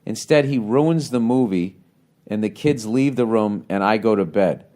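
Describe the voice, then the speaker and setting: A man's voice: on the low side, normal speed, mellow. A middle-aged man hosting a podcast, bluntly giving casual advice on a listener's letter with lots of swearing and rambling asides. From United States.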